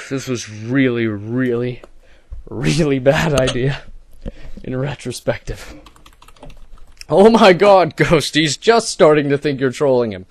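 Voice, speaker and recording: A young man giving a sarcastic, mock-dramatic reading of forum posts, swinging from exasperated shouting to low muttering between lines. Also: animated, unhurried, long pauses, no echo. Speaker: comedic reader of forum posts.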